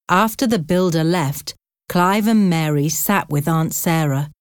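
A woman narrating an audiobook in a slow, clear reading style. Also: fairly low pitch, dry recording, studio quality.

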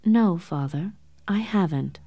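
A woman reading an audiobook, voicing an earnest, anxious young woman, a devoted daughter, who speaks in a soft, pleading way. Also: medium pitch, takes it slowly, no room sound, clean studio sound, natural voice.

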